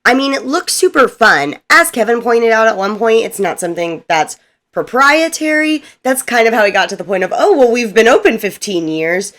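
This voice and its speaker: A woman hosting a casual recap video, chatty and lively, laughing often as she talks. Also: on the high side, brisk.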